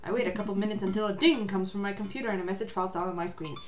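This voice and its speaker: A woman's voice: medium pitch, racing, reverberant, music in the background. A young woman streamer reading a dating-sim game aloud with a friend, playful and giggly. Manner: playful, giggly, reads dialogue in character.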